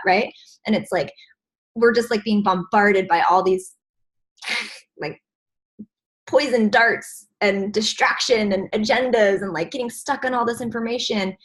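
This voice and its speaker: A woman hosting a video call, giving an animated, encouraging motivational talk to her team. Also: medium pitch. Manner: animated and encouraging, acts out stressed inner voices.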